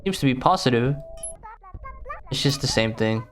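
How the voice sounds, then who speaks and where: A man's voice: medium pitch, animated, normal speed, a bit bright, soft background music. A man playing a game on video, reading its text aloud with casual, bemused commentary. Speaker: gaming YouTuber.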